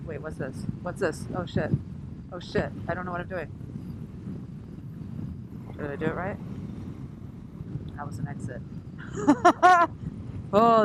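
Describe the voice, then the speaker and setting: Chatty woman riding, road noise behind. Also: medium pitch. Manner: chatty, rambling, laughs often. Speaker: motovlogger. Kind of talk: casual chat while riding. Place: on a scooter on the road outdoors. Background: traffic and engine noise.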